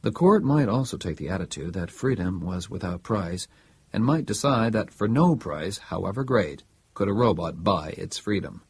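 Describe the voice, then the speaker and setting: Very husky male audiobook narrator. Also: low voice, expressive, normal speed, dry recording.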